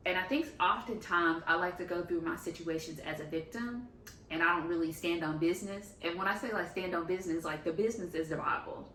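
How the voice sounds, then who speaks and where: Speaking briskly, this young woman makes a candid, talkative confessional vlog about faith, with "like" cropping up often. Her lowish voice has a slightly bright edge. She's recorded from a distance in an echoey room, with faint ambience and a little background noise.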